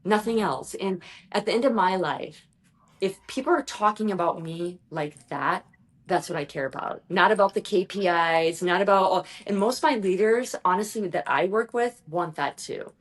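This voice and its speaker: A lower-pitched woman speaks earnestly as a podcast guest and keeps turning to the listeners as "you guys." She tells stories with sudden bursts of energy, then slows right down. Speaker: guest, executive performance strategist. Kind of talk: podcast interview talk.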